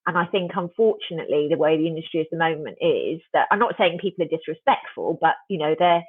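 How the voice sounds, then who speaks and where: A woman's voice: deep voice, expressive, fast talker, husky, no room sound. A woman, a guest author, talking reflectively in an interview, often restarting her sentences. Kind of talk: conversational interview. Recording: tinny dry phone line.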